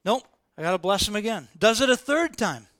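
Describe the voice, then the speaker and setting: A man preaching a sermon as informal, animated storytelling, repeating phrases for emphasis. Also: high voice, brisk, no echo. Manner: animated, repetitive, colloquial storytelling.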